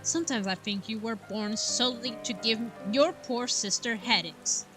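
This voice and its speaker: A woman's voice: on the high side, normal speed, natural voice, poor audio. A woman voicing a stern, protective older sister, scolding and earnest, over game music.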